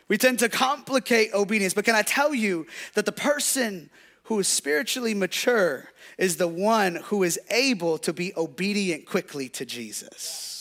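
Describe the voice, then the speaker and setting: A man's voice: sits high, pushed and bright. A young adult man preaching a sermon in a church, telling stories and calling out to the congregation in a conversational way. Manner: conversational, storytelling with audience call-outs. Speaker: pastor.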